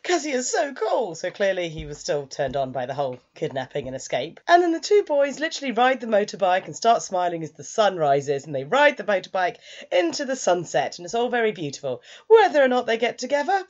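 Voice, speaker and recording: Lively low-voiced woman reviewer. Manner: chatty, animated retelling with quick asides. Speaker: anime reviewer. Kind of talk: casual recap and review. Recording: dull lo-fi sound.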